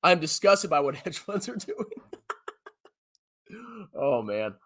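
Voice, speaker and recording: A personal finance host chats through viewer comments in a casual livestream. His voice sits a little high and swoops up and down as he talks. He is loose and slangy and laughs easily. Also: takes it slowly. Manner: animated, slangy, laughs often.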